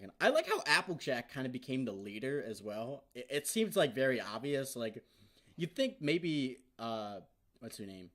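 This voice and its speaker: An excitable man talks his way through an episode recap, rambling from point to point with plenty of filler words and casual swearing. His voice sits at an ordinary middle pitch for a man, and the delivery is loose and unscripted. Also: moderate pace. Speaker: vlogger reviewing an episode.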